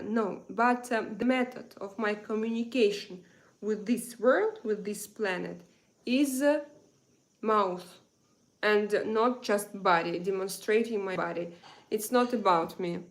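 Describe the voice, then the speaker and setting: A woman from Russia with a Russian accent, hosting a casual live chat, slow and hesitant with many fillers. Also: mid-range voice. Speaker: live stream host. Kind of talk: casual live chat reading viewer comments.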